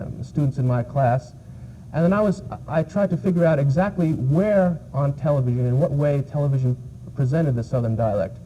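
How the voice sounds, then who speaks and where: A man's voice: medium pitch, warm tone. A man from New York, an English teacher answering interview questions, hesitating often with uh and um. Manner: hesitant, many fillers. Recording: muffled archival TV audio, faint hiss.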